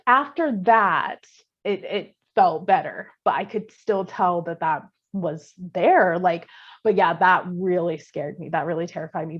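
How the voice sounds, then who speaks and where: Female podcast co-host, mid-pitched, animated casual storyteller, swears freely, slightly muffled lo-fi recording. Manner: animated, chatty, swears, lots of fillers.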